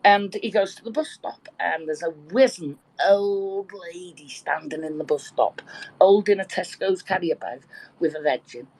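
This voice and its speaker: A woman telling a joke with lively, animated delivery and some swearing in a casual online chat. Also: lowish voice, moderate pace, low-quality recording. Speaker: participant in an online audio chat room.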